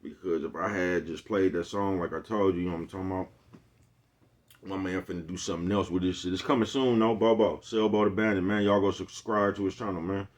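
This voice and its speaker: A middle-aged vlogger chats casually with his viewers in laid-back street slang, frequently turning aside to check in with them. His voice sits low with fairly even intonation, and he talks fairly quickly.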